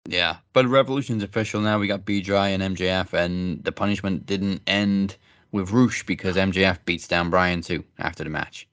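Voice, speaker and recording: A man co-hosting a wrestling podcast in casual chat, laid-back and hesitant, filling pauses with "um". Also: low-pitched, steady tone, a bit bright, dry recording.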